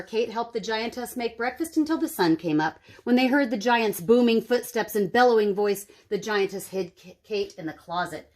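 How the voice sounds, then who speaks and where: A woman's voice: medium pitch, expressive, normal speed, few pauses. A woman telling a children's story aloud and asking her young listeners questions. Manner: gentle, addresses young listeners.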